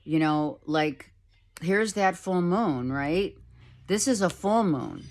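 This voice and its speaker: A middle-aged woman giving a casual tarot reading at home, talking softly and rambling, with many fillers. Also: on the low side, animated, slow pace. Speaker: tarot reader. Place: home, with a child heard in the background.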